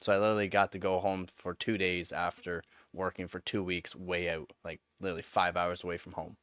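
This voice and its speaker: A man's voice: sits low, flat delivery, a little fast, a bit bright, clean tone, no room sound, clean studio sound. A man chatting casually on a live stream, telling rambling stories with lots of fillers and laughter. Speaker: live streamer answering chat.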